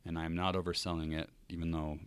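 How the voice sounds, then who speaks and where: A man's voice: low-pitched, flat delivery, quick pace, clean tone, no echo. A man co-hosting a podcast, chatting casually and enthusiastically about favorite characters. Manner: enthusiastic, hyping things up. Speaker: podcast co-host. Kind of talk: casual chat.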